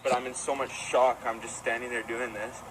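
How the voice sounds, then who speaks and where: A man's voice: mid-range voice, flat delivery, a little fast, fairly bright tone, rough recording. A man bluntly recounting a shocking event with swearing, in a played clip. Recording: street clip with traffic noise.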